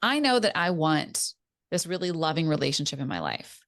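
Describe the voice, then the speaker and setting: A woman hosting a podcast as a relationship coach, speaking in an earnest, measured way and often affirming her guest. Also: low-pitched, big pitch swings, fairly bright tone. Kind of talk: casual podcast conversation.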